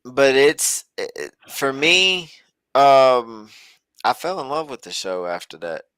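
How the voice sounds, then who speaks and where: Smooth-voiced man in rambling casual chat. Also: medium pitch, very animated, takes it slowly, fairly bright tone, no room sound. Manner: rambling, loose, folksy. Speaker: podcast co-host. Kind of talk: casual chat about a reality show.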